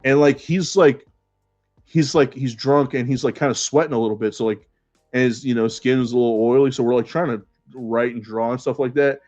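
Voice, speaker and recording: A man's voice: medium pitch, steady tone, fairly quick, darkish tone, faint music behind. A young man rambling through a party story in casual chat, swearing and laughing as he goes. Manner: rambling, profane, laughs between lines. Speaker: podcast co-host. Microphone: remote stream call. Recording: dull lo-fi stream audio.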